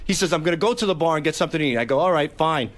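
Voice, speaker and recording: A man's voice: fairly high pitch, expressive, rapid-fire. A man on a radio talk show telling a story of bad service. He is indignant, swears freely and acts out both sides of the conversations. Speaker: regular cast member on a radio talk show. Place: radio studio. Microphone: studio microphone.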